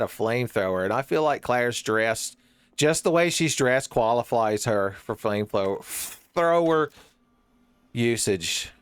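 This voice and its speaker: Male let's-player, smooth clear voice, average pitch, rambling deadpan jokes with frequent laughs. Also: no room sound. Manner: wry, rambling, laughs often at his own jokes. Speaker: streamer playing a horror game. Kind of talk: joking gameplay commentary.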